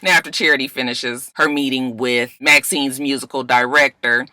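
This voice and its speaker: A woman's voice: rumbling low, fairly even intonation, normal speed, sharp tone, dry recording. A woman recapping a TV episode in a casual vlog, sassy and joking as she comments. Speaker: TV recap vlogger.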